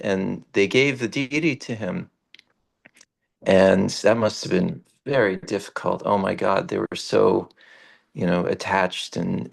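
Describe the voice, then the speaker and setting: Gravelly man telling a devotional story. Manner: animated retelling, rising high for quoted characters. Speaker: class speaker.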